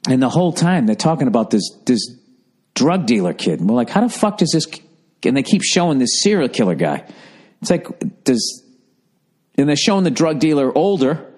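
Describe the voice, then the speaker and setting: A podcast host spins a long yarn in a loose, profane style. His voice sits at an ordinary middle pitch for a man. He drifts off on side tangents and stops mid-sentence to second-guess his own details. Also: very animated, normal speed, a little mellow, breathy edge. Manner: profane, digressive, corrects himself mid-sentence. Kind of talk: rambling comic storytelling.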